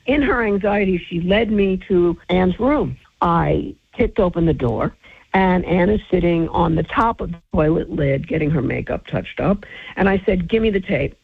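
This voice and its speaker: Husky-voiced woman telling a story over a phone line. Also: normal speed. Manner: lively storyteller who acts out quotes with big pitch jumps. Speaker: entertainment reporter telling a story. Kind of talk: animated anecdote in an interview. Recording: tinny phone-line audio.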